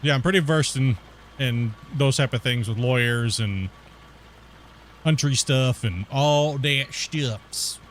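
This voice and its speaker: A man's voice: mid-range voice, slow pace, a little hiss or hum. A man streaming a game and telling a story in a rambling, slangy way, calling people dude and bro. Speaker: gaming streamer. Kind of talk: casual storytelling while gaming.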